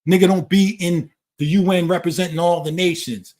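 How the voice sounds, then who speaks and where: A man's voice: high-pitched, fairly even intonation, a little fast, a little mellow. A man talking in a blunt, profane, lecturing way during a casual conversation. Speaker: channel host.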